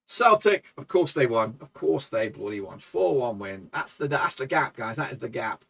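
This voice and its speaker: A man commentating his own football management game for viewers, excitable and swearing, shouting at goals. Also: medium pitch, normal speed, vocal fry, husky, recorded from a distance. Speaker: gaming YouTuber.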